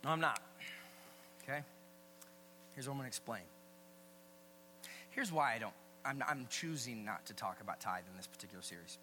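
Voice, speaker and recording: A man preaching a sermon as pastor, energetic and repetitive, with joking asides. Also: mid-range voice, moderate pace, long pauses, slight background noise, poor audio.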